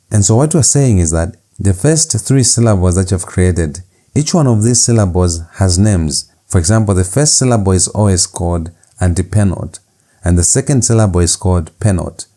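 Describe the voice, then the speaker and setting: A man with a low, mellow voice delivers a recorded lecture. He walks through each point slowly and deliberately, repeating key words so students can follow along. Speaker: Greek language instructor.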